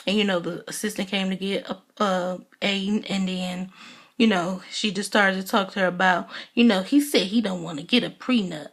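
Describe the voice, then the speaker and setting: Woman, casual vlog reviewer, sassy and opinionated with slangy delivery, middle-pitched voice. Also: steady tone, normal speed, fairly bright tone. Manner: plays out other people's lines in exaggerated high voices. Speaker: TV show reviewer.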